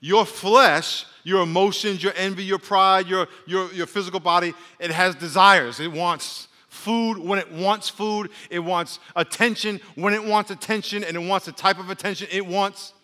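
A man's voice: high voice, steady tone, moderate pace, hardly any pauses, pushed and bright, big-room sound. A man, a pastor, preaching a sermon with call-and-response and joking asides. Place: church sanctuary.

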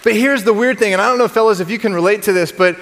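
A man in his thirties delivers a sermon with a high, bright-pitched voice. He speaks conversationally, repeating words when he restarts and joking with the congregation. The sound carries a long echo from a large church hall. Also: very fast, a crowd in the background, background noise. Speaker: pastor. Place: church sanctuary.

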